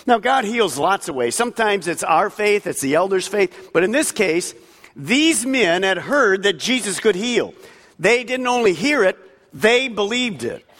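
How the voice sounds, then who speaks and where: A man's voice: high-pitched, big pitch swings, measured pace, fairly bright tone. A man preaching a sermon as pastor, with emphatic delivery that swells and drops. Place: large church hall. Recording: long hall reverb.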